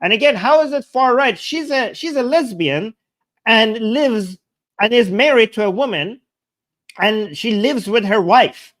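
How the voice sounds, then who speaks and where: Sarcastic, incredulous male host in casual reaction commentary, pitched high. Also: animated, measured pace, fairly bright tone. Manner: sarcastic, incredulous, repeats himself. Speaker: channel host.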